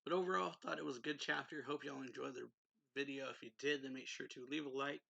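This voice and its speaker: Man, channel host, relaxed comic-chapter recap, lots of fillers, gravelly edge. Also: medium pitch, fast talker, dull audio. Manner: loose and rambling, with frequent fillers like "and so, yeah". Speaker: anime and manga reviewer, channel host. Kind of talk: casual manga chapter recap.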